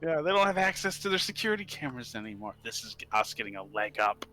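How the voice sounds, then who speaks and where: Bright-voiced man riffing jokes. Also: medium pitch, very animated, fast, soft background music, low-quality recording. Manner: rambling, jokey riffing. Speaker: tabletop game player. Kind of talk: casual tabletop game chat.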